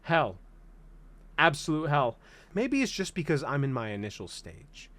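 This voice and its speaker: A man's voice: fairly high pitch, very animated, a little slow, fairly bright tone. A young man in his twenties giving a comedic vlog rant, dramatic, exaggerated and self-mocking. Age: 20s. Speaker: vlogger.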